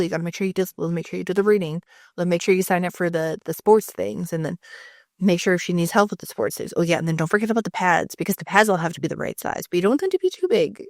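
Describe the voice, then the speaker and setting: A woman's voice: on the low side, darkish tone, dry recording, clean studio sound. A woman in her thirties co-hosting a podcast, chatting casually, swearing freely and acting out the lines of people she quotes. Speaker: podcast co-host. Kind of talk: casual chat.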